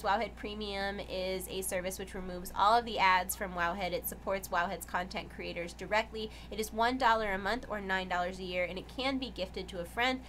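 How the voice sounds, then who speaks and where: Young woman, streamer co-host, casual and grateful, bright tone, faint background hum. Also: medium pitch. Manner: chatty, thankful, with fillers and laughs. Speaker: co-host of a game news stream. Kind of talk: casual stream sign-off chat.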